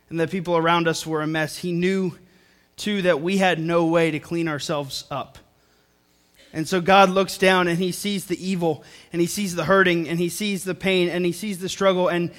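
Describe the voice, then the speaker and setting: Young guy pastor preaching in church, kinda high voice, earnest, keeps repeating himself for emphasis. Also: a bit bright. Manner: earnest, repeats phrases for emphasis, talks to the congregation. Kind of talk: sermon. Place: church service before a congregation.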